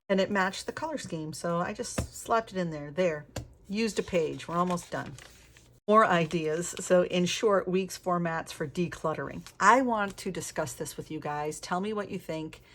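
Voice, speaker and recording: A middle-aged woman chatting candidly while flipping through her planner, laughing often and swearing casually. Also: lowish voice. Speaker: planner vlogger. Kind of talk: casual flip-through chat.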